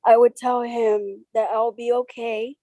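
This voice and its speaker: A woman speaking as an interview guest over a video call, slow and halting, getting tearful at times. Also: fairly high pitch, flat delivery, dark tone, dry recording, rough recording.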